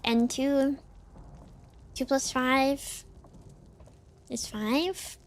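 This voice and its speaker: A woman's voice: sits high, steady tone, extremely slow. A woman streamer with a slight lisp on her S sounds, chatting casually and muttering words to herself as she plays a game. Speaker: VTuber streamer.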